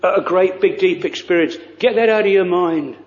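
A man preaching a sermon in earnest, halting speech, with many fillers and old-fashioned phrasing. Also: sits high, roomy sound, dull audio.

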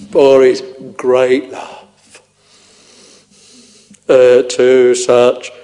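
A man preaching a sermon, tenderly addressing his listeners in a slow, intoning way. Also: mid-range voice, warm tone. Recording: long reverb of a large hall.

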